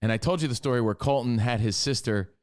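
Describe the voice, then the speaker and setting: A man co-hosting a radio talk show, his voice sitting at an average pitch. He tells stories in easygoing banter and is quick to poke fun at himself. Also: darkish tone. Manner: storytelling, self-deprecating.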